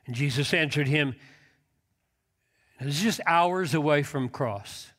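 A man's voice: a little high, slow, a bit bright. A man preaching a sermon, emphatic, quoting scripture with rising intensity. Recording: long hall reverb.

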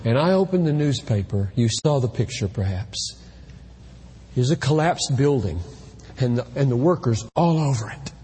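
A man's voice: medium pitch, expressive, normal speed, slight background noise. Impassioned male preacher in a reverberant sanctuary. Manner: impassioned, rising to shouts at emotional peaks. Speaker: pastor. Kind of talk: sermon. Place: church sanctuary.

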